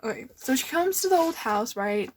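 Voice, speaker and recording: A woman's voice: high-pitched, expressive, moderate pace, slight background noise. A young woman casually rambling as she flips through her old sketchbooks, nervous and full of fillers. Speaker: artist showing old sketchbooks.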